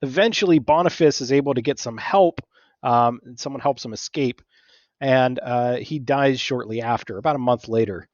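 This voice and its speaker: A man's voice: medium pitch, normal speed, a little mellow, no room sound. Man, history teacher, casual lecture, conversational, acts out figures, checks in with "right?", dull lo-fi audio.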